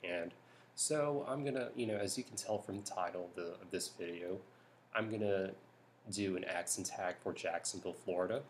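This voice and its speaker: A young man from California talking softly in a hushed voice at home at night for a vlog, rambling with lots of ums and restarts. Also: low-pitched, moderate pace, slight background noise. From California, United States. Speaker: YouTuber. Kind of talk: soft-spoken vlog talk.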